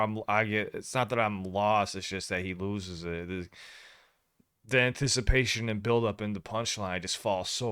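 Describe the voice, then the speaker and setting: A man hosting a reaction video in casual commentary, talking excitably with stumbling restarts and sudden jumps from loud outbursts to quiet mutters. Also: on the low side, smooth, dry recording, studio quality.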